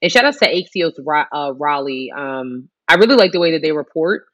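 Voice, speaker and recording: On a casual news podcast, a woman co-host talks a little fast in a low-pitched, fairly bright, animated voice. She keeps restarting and dropping "likes" and fillers. Audio quality is dull and lo-fi.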